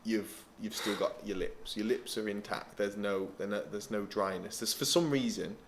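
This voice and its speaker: Male podcast co-host, teasing and crude, low voice, faint background hiss. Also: fairly even intonation, normal speed. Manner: crude, teasing storyteller who laughs often. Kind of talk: casual chat.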